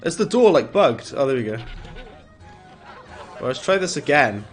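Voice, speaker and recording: Male streamer, mid-pitched, casual rambling play-by-play, chuckles at own jokes, faint game music behind. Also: very animated, moderate pace. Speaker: gaming streamer. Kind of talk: casual gameplay commentary.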